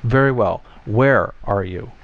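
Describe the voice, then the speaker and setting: A man's voice: fairly low pitch, a little slow. A man voicing a young man in love who answers with dry, good-humored wit, in a slightly muffled recording. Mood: wry.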